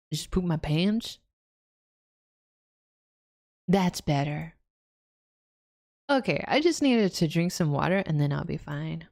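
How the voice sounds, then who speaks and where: Slow-talking woman streamer, laughing reactions. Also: medium pitch, a little mellow. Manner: laughs often, jumpy exclaiming reactions. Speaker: VTuber streamer. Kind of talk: casual game streaming, reading story text aloud.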